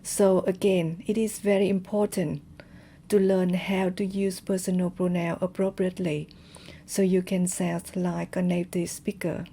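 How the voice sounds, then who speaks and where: A woman's voice: fairly low pitch, level tone, unhurried, dark tone. A woman from Vietnam with a Vietnamese accent, teaching a language lesson in a careful way and sounding out example words. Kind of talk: slow explanatory lesson.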